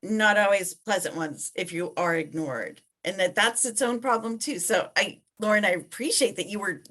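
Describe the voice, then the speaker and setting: A woman's voice: mid-range voice, a bit bright. A woman hosting a casual panel discussion, chatty and easygoing. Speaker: host.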